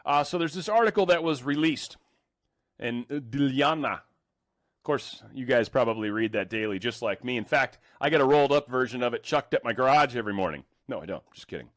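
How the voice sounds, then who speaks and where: A man's voice: mid-range voice, expressive, fairly quick, no echo, studio quality. A man casually reading news articles aloud and adding sarcastic, joking remarks between passages. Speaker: commentary host reading news.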